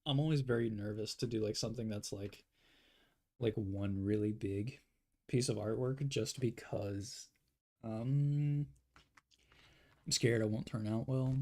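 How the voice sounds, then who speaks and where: A man's voice: fairly low pitch, measured pace, pauses often, mellow. A young man chatting casually while he draws on a stream, rambling and self-deprecating, with lots of fillers. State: yawning, tired. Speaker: art streamer. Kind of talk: casual drawing livestream chat.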